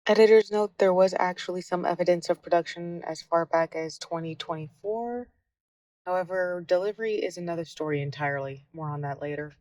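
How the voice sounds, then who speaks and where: A woman reading an added editor's note in a brisk, matter-of-fact way. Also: on the low side, darkish tone, recorded from a distance.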